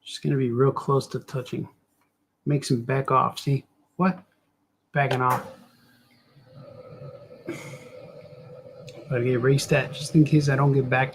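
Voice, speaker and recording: A man's voice: medium pitch, little pitch movement, slow, pauses often, a little hiss or hum. A middle-aged man, a cartoonist, chatting casually on a live stream while he draws, muttering to himself, trailing off and talking to his viewers. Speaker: cartoonist livestreaming while drawing.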